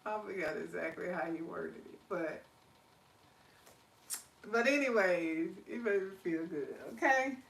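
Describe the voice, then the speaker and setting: A woman with a fairly low, gravelly voice hosts a casual livestream, recorded far from the mic. Chatty and quick to laugh, she drawls her words slowly while reading chat comments, then signs off warmly with spiritual encouragement.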